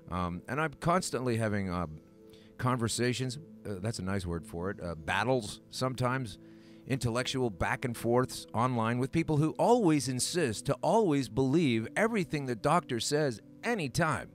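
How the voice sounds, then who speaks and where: A man's voice: mid-range voice, lively intonation, normal speed, soft background music. A Canadian man hosting a podcast in casual chat, rambling with lots of fillers and restarts. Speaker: podcast host.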